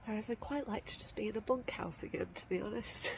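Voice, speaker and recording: An exhausted woman talking to camera outdoors in a casual vlog, weary and sighing, sometimes hushed. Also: mid-range voice, fairly quick, creaky, slight background noise, poor audio. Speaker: walking vlogger. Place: outdoors at a camp spot by a trail.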